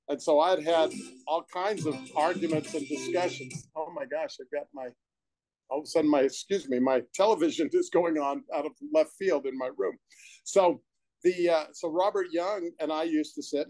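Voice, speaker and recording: An enthusiastic man rambles through his story as an interview guest, full of restarts and asides. His voice is fairly high and has a mellow tone. The sound is close and dry, with little room echo. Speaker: supplement company founder, guest. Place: his own room at home.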